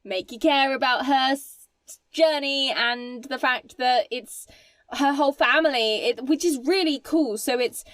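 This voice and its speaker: Woman, film podcast co-host, high-ish, dry close sound, emphatic, curses freely. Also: unhurried, a bit bright, no room sound. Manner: emphatic, swears freely, mimics film characters. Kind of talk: casual film podcast chat.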